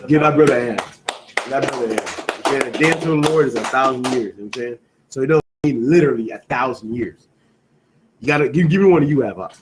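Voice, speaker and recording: A medium-pitched man talks quickly over background noise while teaching scripture. He quizzes the class with the same questions again and again, emphatically stressing key words in call-and-response style and peppering in "you know what I'm saying."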